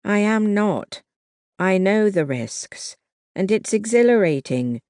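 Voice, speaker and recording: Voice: medium pitch, lively intonation, a little slow, a little mellow, no echo. An audiobook narrator voicing a bold, defiant young woman who answers back eagerly, in a dry, close recording. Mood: spirited.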